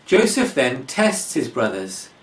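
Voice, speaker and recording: A man preaching a sermon in a slow, deliberate expository manner. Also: medium pitch, big pitch swings. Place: church. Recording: echoey church from far off.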